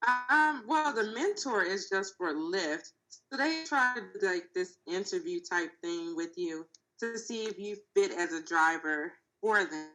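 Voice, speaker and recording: A woman rideshare driver calmly explaining the signup process in a casual roundtable. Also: mid-range voice, soft background music, rough recording. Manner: measured, explanatory.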